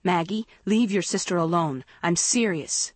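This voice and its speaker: A woman narrator voicing a tired middle-aged mother who speaks softly and firmly, in a dry recording. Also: on the low side, a little slow, slightly rough, no echo. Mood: weary. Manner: tired, soft-spoken.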